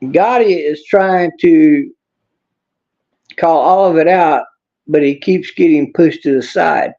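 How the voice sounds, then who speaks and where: Blunt streamer, fairly high gravelly voice, reads chat and rants, dull lo-fi audio. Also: male voice, slow pace, warm tone. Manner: blunt, angry, swears, talks back to chat. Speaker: livestream host reading chat. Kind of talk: casual political livestream rant.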